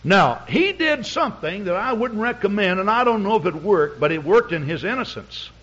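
Male pastor, husky voice, fairly high, folksy rambling sermon, dull lo-fi recording. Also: sing-song, normal speed, a bit bright. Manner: folksy, rambling with many fillers. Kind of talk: storytelling sermon.

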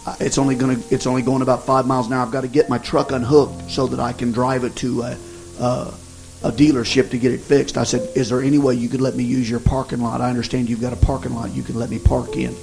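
A man preaches as he retells a story from his own travels, his voice rough and gravelly. He speaks in a folksy, halting way, often circling back to restart a sentence. Music plays clearly behind him the whole time. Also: mid-range voice, flat delivery, rough recording. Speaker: evangelist. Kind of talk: sermon testimony storytelling.

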